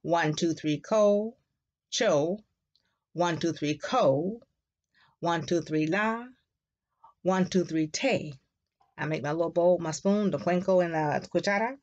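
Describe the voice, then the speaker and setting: A woman teaching a Spanish class to young children, repeating words slowly in a sing-song way for them to echo. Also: on the low side, darkish tone. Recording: dull lo-fi classroom recording.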